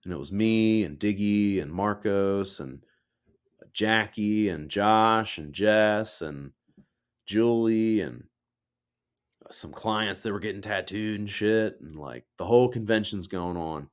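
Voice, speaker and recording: A man's voice: on the low side, slow pace, clear, resonant tone. A man co-hosting a podcast, telling personal stories in a loose, heartfelt way and swearing freely. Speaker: podcast co-host. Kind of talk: casual chat.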